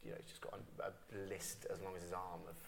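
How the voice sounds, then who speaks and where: A man on a press panel telling lively anecdotes in a casual way, with many fillers and restarts. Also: low-pitched, fast, vocal fry. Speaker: cast member on a panel. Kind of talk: casual storytelling at a live press event.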